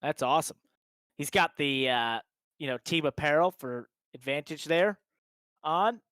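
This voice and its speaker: Excitable race host, smooth and dry. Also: male voice, fairly high pitch, a little slow, no echo. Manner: excited play-by-play, repeats hype phrases. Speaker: sim racing broadcast host. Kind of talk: live race commentary.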